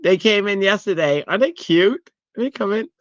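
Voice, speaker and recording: A woman hosting a craft livestream, chatting casually with her viewers in an excitable, giddy way that often tips into squeals. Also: mid-range voice, moderate pace, no room sound, highs cut off. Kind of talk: casual live chat to viewers.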